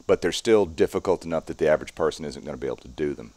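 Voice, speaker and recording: A man in his late forties, a strongman performer, explaining calmly and at length in a podcast interview. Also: very deep voice, dry recording. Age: 40s. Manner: calm, measured, explanatory.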